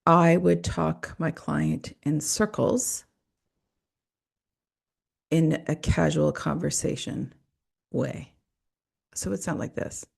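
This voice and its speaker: A woman's voice: low-pitched, takes it slowly, vocal fry, pauses often, breathy edge. A woman hosting a podcast in a casual, rambling monologue, swearing and cutting herself off often. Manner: profane, rambling, self-interrupting. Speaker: podcast host.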